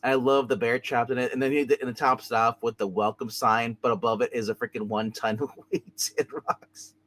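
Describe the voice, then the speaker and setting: A man hosting a live comic reading, playful and quick to laugh. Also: medium pitch, flat delivery, fairly bright tone, no room sound. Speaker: comic reader and channel host.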